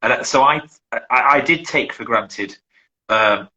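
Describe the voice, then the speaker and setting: A man's voice: mid-range voice, a little slow, bright, forceful tone, lo-fi sound. A middle-aged man from England, a survival instructor chatting casually as an interview guest, who rambles and restarts his sentences often.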